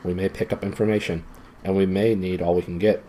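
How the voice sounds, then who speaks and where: A man's voice: level tone, fairly quick, warm tone, a little hiss or hum, close to an everyday voice. A man doing a gloomy, cautious marsh creature. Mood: grave warning. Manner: low, grave, cautious. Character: gloomy cautious marsh-wiggle guide, adult male. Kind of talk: storybook reading.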